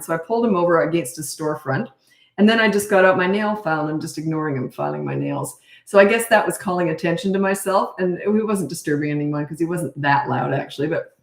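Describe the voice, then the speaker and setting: A woman's voice: fairly low pitch, expressive. Woman, parenting coach, blunt and matter-of-fact, middle-aged, roomy echo. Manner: blunt, no-nonsense, brisk. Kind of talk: casual Q&A advice. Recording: echoey room.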